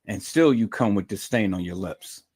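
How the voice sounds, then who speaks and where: Angry ranting man, pitch jumping around. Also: expressive, normal speed, a little mellow, husky. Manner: angry, profane, repetitive, confrontational. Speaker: livestream host. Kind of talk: heated livestream rant.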